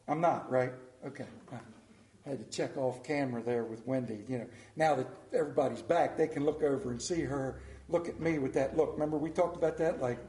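A male pastor preaches in an animated, self-deprecating way, acting out the scripture as he goes. His voice sits fairly high. The sound carries a roomy echo from the hall. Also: normal speed. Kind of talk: sermon.

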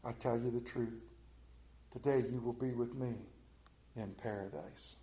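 A man voicing Jesus in a hushed, solemn, low voice. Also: steady tone, unhurried, a little hiss or hum, natural voice. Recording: roomy echo.

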